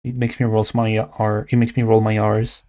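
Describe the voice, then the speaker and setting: A man's voice: lowish voice, flat delivery, moderate pace, warm tone. A young man from Latin America with a Latin American Spanish accent, chatting casually and playfully on a livestream while he draws, rambling with lots of "like". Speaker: streamer and artist.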